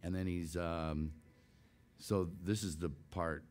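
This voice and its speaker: Older man, lowish voice, animated storyteller who laughs a lot, guest on an interview show. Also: slow. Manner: animated, laughs often, re-enacts scenes. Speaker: guest voice actor. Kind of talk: casual anecdotal storytelling.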